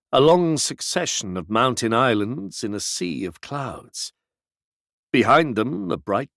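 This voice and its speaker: A male audiobook narrator with a gravelly, textured voice. His reading is dramatic and measured, with pitch that moves a lot. The recording is close and dry. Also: no room sound. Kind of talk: scripted narration.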